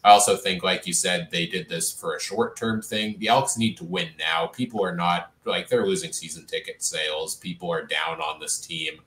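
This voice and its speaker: A man's voice: deep voice, moderate pace, few pauses, a bit bright, reverberant. A man co-hosting a sports podcast, talking through football moves in long, analytical runs. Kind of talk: casual sports chat.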